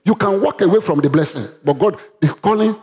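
A man with a Nigerian accent preaching a sermon, reading Bible verses aloud and breaking into sudden loud, animated rises. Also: high-pitched, a little fast. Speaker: pastor.

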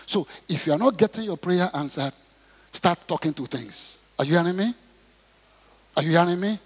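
A middle-aged man preaching a sermon, acting out prayers and Bible stories and rising to shouts. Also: on the high side, moderate pace, husky. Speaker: pastor. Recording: long hall reverb.

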